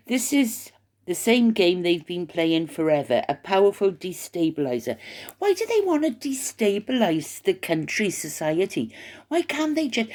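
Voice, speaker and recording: Older woman YouTuber, gossipy rambling talk to camera, voice sits a touch low. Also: sing-song, measured pace, mellow. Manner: rambling, gossipy, hesitant with fillers. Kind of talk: casual chat to camera. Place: retirement home, indoors.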